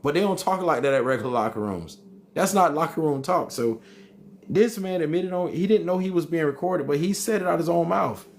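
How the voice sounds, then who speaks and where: A man's voice: fairly high pitch, expressive, brisk. A man hosting a live stream, reading chat comments aloud and arguing back with emphatic repetition. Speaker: livestream host reading chat.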